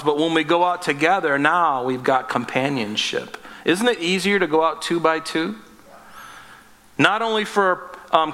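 Preaching casually in a reverberant church hall, a man with a bright, fairly high voice plays out quick little dialogues. He's a pastor who likes to make himself the butt of his jokes.

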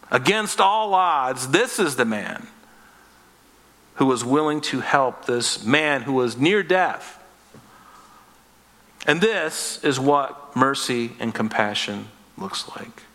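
A man's voice: a little high, expressive, measured pace, sharp tone. A man preaching a sermon as pastor, earnest and conversational, acting out little voices as he tells the story. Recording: long reverb of a hall.

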